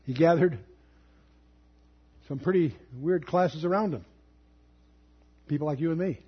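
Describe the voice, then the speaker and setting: Husky emphatic man teaching scripture. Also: measured pace, muffled recording. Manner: emphatic, repeats key phrases, drops to a low trailing voice at phrase ends. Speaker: Bible teacher. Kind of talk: verse-by-verse Bible teaching.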